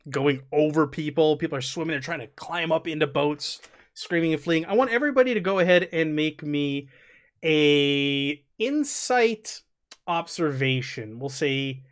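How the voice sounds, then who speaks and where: A man's voice: fairly high pitch, normal speed, fairly bright tone. A man narrating as game master of a tabletop game, describing scenes loosely with many fillers.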